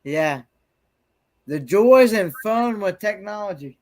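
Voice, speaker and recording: A man hosts a casual late-night livestream chat in an unusually high voice for a man. He talks slowly and stumbles over repeated words as he looks for his next thought. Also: animated, darkish tone. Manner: halting, repeats words while searching for them. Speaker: livestream host.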